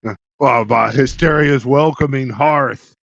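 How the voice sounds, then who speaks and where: A man's voice: mid-range voice, measured pace, vocal fry, fairly bright tone, no room sound. A man playing in a tabletop game, talking in a folksy, plain-spoken way. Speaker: player. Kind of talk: casual chat in character. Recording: dull, dry lo-fi mic.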